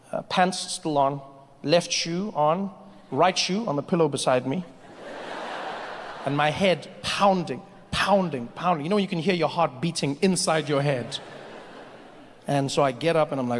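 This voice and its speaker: A man doing stand-up comedy, telling animated stories that build to shouts. His voice sits high. A long hall reverb and a faint hiss surround him.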